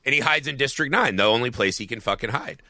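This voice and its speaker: A man's voice: mid-range voice, fast talker, no echo, clean studio sound. A man co-hosting a podcast, chatting casually about a film and retelling its scenes with plenty of swearing. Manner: profane, animated scene retelling. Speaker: podcast co-host.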